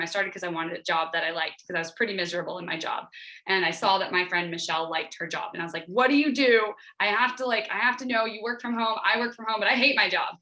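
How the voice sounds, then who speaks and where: A woman's voice: medium pitch, bright, forceful tone. A woman fitness coach telling her own story on a group call, chatty and full of "like" fillers, acting out what she said back then. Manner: chatty, lots of "like" fillers, acts out her own past lines. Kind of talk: casual testimonial on a group call.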